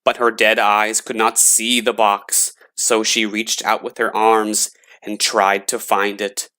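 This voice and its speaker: A man narrating a scary story in a slow, dramatic reading voice. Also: lowish voice, little pitch movement, pushed and bright.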